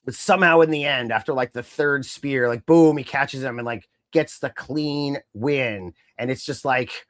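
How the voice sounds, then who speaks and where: A man co-hosting a podcast in casual wrestling chat, animated and acting out wrestlers' lines in mimicking voices. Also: mid-range voice, moderate pace, few pauses, no echo, clean studio sound. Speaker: podcast co-host.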